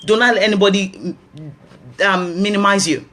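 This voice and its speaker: A woman's voice: on the low side, animated, normal speed, a bit bright. A woman with a Nigerian accent hosting a health talk, giving earnest advice and repeating key phrases for emphasis.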